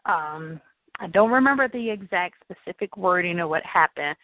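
A woman tells a childhood story in a fairly low voice, slipping into other people's voices as she quotes them. The sound is dry and tinny, like a phone line. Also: moderate pace, no room sound. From New Orleans, USA. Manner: animated, acts out quoted people in raised voices. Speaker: interviewee. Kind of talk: personal storytelling in an interview.

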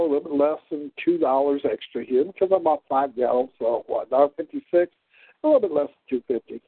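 A man's voice: on the high side, no room sound. A man hosting his own show, telling a long rambling story with many fillers and restarts. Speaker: show host. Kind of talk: rambling monologue. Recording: dry, phone-like line.

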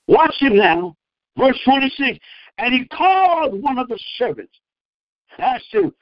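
A man preaching a fervent sermon, acting out the people in the verses and breaking into loud bursts. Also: very high voice, no room sound, lo-fi sound. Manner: acts out the speakers in the verses.

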